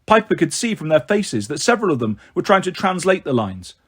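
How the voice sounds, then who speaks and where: Guy narrating a fantasy audiobook, a bit husky, slows down for the verses. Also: on the high side, big pitch swings. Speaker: audiobook reader. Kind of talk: storybook narration with light character voices.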